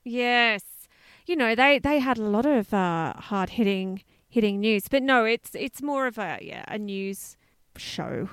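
Bright, lively, giggly woman co-host. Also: on the high side, smooth, no echo, studio quality. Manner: giggly, self-deprecating, quick to laugh. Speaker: podcast co-host. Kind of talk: casual chat.

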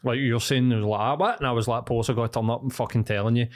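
A young man with a Glaswegian accent, co-hosting a podcast and telling animated, sweary stories in casual chat. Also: medium pitch, rapid-fire. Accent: Scottish, Glaswegian. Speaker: podcast co-host.

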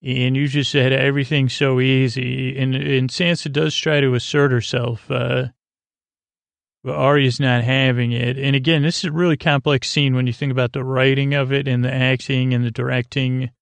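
A man's voice: medium pitch, level tone, normal speed, creaky, clear, resonant tone, dry recording. A man hosting a podcast, recapping a TV episode in a rambling, casual way with lots of fillers. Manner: rambling, loose paraphrase with many fillers.

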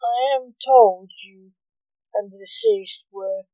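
A woman voicing an evasive male coroner who questions a suspect, probing and deflecting, in a mellow voice with a dry sound. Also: medium pitch, takes it slowly, no echo, close to an everyday voice, low-quality recording. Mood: questioning.

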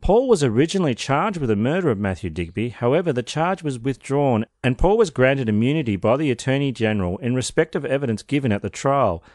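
A man's voice: mid-range voice, animated, quick pace, hardly any pauses, darkish tone, dry recording, studio quality. A man hosting a podcast, narrating a true crime case with wry, sardonic asides. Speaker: podcast host.

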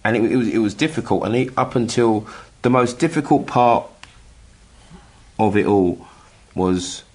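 A middle-aged man from England telling a personal story in casual chat, halting with many restarts and acting out the voices he quotes. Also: lowish voice, a little mellow. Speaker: guest telling his story.

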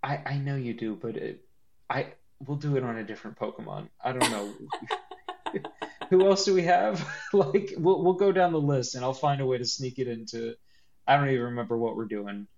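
A man co-hosting a podcast in casual chat, animated and joking, with a lot of laughing and restarts. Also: mid-range voice, normal speed, gravelly, lo-fi sound, a little hiss or hum. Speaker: podcast co-host.

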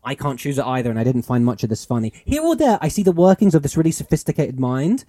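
A man's voice: mid-range voice, very animated, fast, warm tone, no echo, studio quality. A man co-hosting a podcast in casual chat, rambling and musing with lots of fillers. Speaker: podcast co-host.

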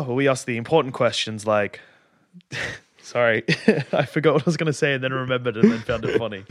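A man's voice: on the high side, fairly bright tone, no room sound, clean studio sound. A man hosting a podcast, who keeps fumbling the intro between laughs and swearing. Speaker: podcast host reading the intro. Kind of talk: casual chat, repeated intro takes.

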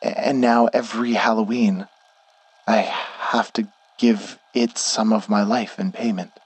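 Scared shaky young woman as a man puts her on, stammering and urgent, raised pitch, husky, dry sound. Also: steady tone, measured pace, no echo. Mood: frightened urgent. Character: frightened young woman, pale and exhausted. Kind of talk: scripted horror narration.

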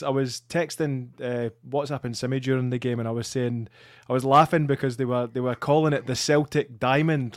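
A man's voice: mid-range voice, no echo, clean studio sound. A Scottish man co-hosting a football podcast in casual, sweary chat, often repeating his words. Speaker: podcast co-host.

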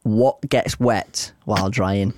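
A man co-hosting a podcast in casual chat, teasing his partner and drawing out his riddles slowly. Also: lowish voice, fairly even intonation, darkish tone, no room sound, studio quality. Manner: teasing, drawn-out riddle reading. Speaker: podcast co-host.

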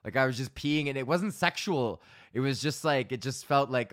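A man's voice: medium pitch, normal speed, fairly bright tone, no echo, studio quality. A young man hosting a podcast, telling loose, profane stories in a rambling casual monologue. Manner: loose, profane storytelling with laughs. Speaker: podcast host and comedian.

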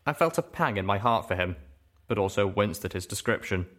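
A man narrating a story in an expressive storytelling manner. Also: lowish voice, fairly quick. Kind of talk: audiobook narration.

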